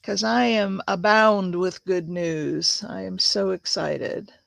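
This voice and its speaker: Her voice is mid-range, steady, and gravelly, heard slowly on a dry recording. This crafts channel host in her sixties chats on a live stream, welcoming viewers by name, reading comments out loud, and filling her talk with fillers.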